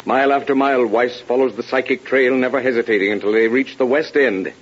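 A man narrating a vintage radio drama in a measured, ominous storytelling manner. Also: medium pitch, fairly even intonation. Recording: lo-fi old radio broadcast.

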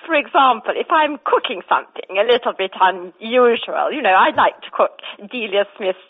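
A woman's voice: a little high, lively intonation, moderate pace, breathy edge. An actress playing a fussy, indignant middle-class female caller in a scripted radio comedy, heard over a phone line. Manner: prim, indignant storytelling.

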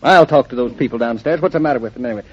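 A mid-range male actor speaks rapid-fire with a breathy edge and a natural voice, performing 1940s-style radio drama. He plays a jovial young husband and architect who dotes on his dog, heard through a dull, lo-fi old radio recording.

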